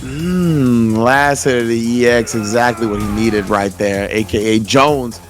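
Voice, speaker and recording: A man's voice: mid-range voice, unhurried, music in the background. An American man giving casual play-by-play and banter for a fighting game tournament. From United States. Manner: laid-back, laughing play-by-play. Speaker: esports commentator. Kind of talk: casual esports commentary.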